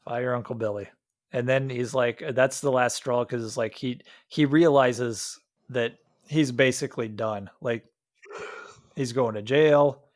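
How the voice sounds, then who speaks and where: Clean studio sound with no room echo carries a young man's medium-pitched, fairly even voice at a measured pace. Co-hosting a podcast, he rambles about a film, frequently starting over and acting out lines.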